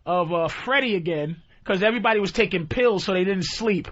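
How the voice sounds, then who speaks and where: A man guesting on a radio show, retelling film plots with an animated, profane comic flair and acting out characters. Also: sits high, fairly quick, muffled recording. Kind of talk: comic storytelling.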